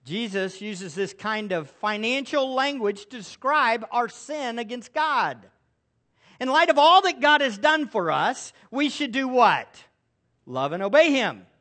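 A man's voice: very high voice, animated, measured pace, sharp tone. A middle-aged male pastor preaching a sermon, asking the congregation rhetorical questions.

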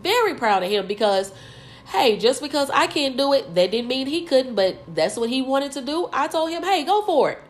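A woman's voice: high-pitched, big pitch swings, moderate pace. A woman in her forties talking as a co-host, earnest and emphatic, repeating words and using many fillers. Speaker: co-host, cheer coach and mother. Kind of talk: casual podcast discussion.

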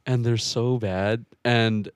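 A man's voice: medium pitch, steady tone, takes it slowly, clear, resonant tone, no echo, studio quality. A young man co-hosting a podcast, teasing, swearing and laughing in casual chat. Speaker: podcast co-host.

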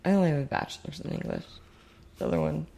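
A young woman from the United States chats on a podcast with a low, gravelly voice full of vocal fry. She rambles casually and throws in sarcastic asides. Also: wildly swooping pitch, fast, dark tone, slight background noise. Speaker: podcast co-host.

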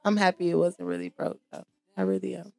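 A woman's voice: lowish voice, sing-song, fairly quick, vocal fry. A woman guesting on a podcast in casual chat, teasing and questioning.

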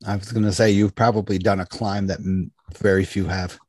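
A man with a fairly low voice tells a story in casual conversation. He jumps into the voices of the people in it as he goes. The sound is dry and close, with no room echo. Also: a little fast, slightly rough. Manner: animated, acts out dialogue in anecdotes.

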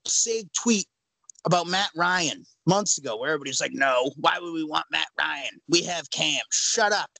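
Emphatic ranting man, slightly high voice. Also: no room sound, poor audio. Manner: loud, emphatic ranting with sudden pitch jumps. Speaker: podcast co-host. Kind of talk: ranting sports podcast talk.

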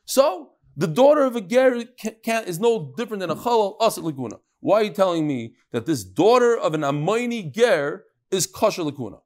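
A man teaching a Talmud class, animated, firing rhetorical questions at his students and often restarting his sentences. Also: high-pitched, fairly quick, few pauses.

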